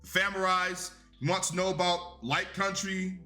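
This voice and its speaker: A man's voice: sits high, level tone, moderate pace, pushed and bright, faint music behind. A young man giving a casual, rambling and profane review of a wrestling show.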